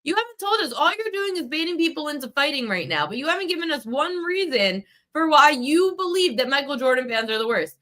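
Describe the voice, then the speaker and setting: A woman's voice: high-pitched, lively intonation, brisk, hardly any pauses, sharp tone. A woman hosting a sports betting podcast, ranting heatedly at a commenter in a live chat. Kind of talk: live-stream betting talk.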